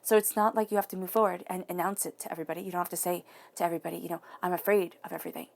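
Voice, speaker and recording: Gravelly-voiced woman giving a tarot reading. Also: fairly low pitch, fairly even intonation, very fast. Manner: earnest, encouraging, repeats phrases for emphasis. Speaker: tarot reader.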